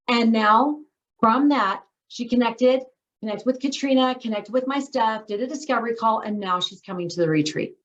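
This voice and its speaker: A woman's voice: medium pitch, a little fast. A woman hosting a writers' training call in a casual, enthusiastic way, with emphatic asides. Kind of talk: casual video-call discussion. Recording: dull lo-fi call audio.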